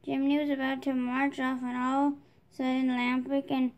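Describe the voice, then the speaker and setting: A woman reading a children's storybook aloud, steady, with small restarts. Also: high-pitched, a little fast. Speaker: storybook reader.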